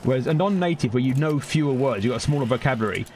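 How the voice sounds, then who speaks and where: A man's voice: medium pitch, animated, racing, a little mellow, a little hiss or hum. A man streaming a game, chatting casually and rambling, swearing freely, laughing often and yelping when the action heats up. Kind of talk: casual chat while gaming.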